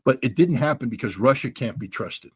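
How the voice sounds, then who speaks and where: A man being interviewed as a guest commentator, telling events in an animated way and often slipping into impressions. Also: mid-range voice, fairly quick, husky, dry recording. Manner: animated storytelling with frequent voice impressions. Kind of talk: casual interview talk.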